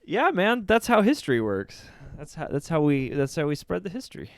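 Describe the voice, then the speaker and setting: A man's voice: on the high side, very animated, fairly quick, no room sound, clean studio sound. A man co-hosting a casual livestream chat, joking and riffing on silly ideas. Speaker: co-host.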